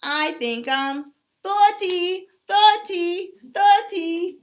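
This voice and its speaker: A whiny little clock boy stuck in bed, calling for his mommy in a drawn-out singsong, as a teacher puts him on for her class. The voice sits high and childlike, with stretched vowels and a pleading lilt. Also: animated. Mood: content. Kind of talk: storytelling to children.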